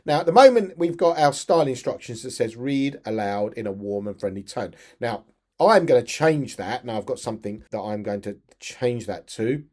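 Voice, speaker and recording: A man narrates a software walkthrough for teachers. He talks in a casual, step-by-step way and often restarts his sentences. His voice sits at an ordinary mid pitch. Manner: chatty, step-by-step, frequent restarts. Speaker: tutorial presenter for teachers. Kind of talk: screen-share tutorial narration.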